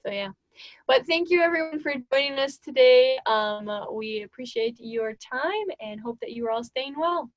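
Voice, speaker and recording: A woman's voice: sits high, lively intonation, normal speed, dry recording. A young woman co-hosting a podcast, telling stories in a chatty way and giggling often. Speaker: podcast co-host. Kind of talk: casual podcast chat. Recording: dull lo-fi dry sound.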